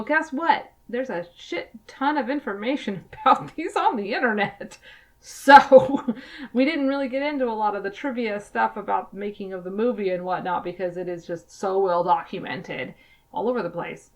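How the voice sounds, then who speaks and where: A woman co-hosting a podcast in casual chat, emphatic and quick to laugh. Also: medium pitch. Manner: chatty, laughs often, emphatic. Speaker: podcast co-host.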